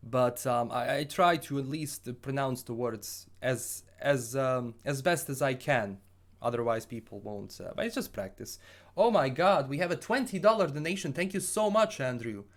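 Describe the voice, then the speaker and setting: A man's voice: mid-range voice, lively intonation, normal speed. A man from Bosnia with a Bosnian accent, hosting a casual gaming livestream and answering viewer questions in an upbeat, rambling way with frequent restarts.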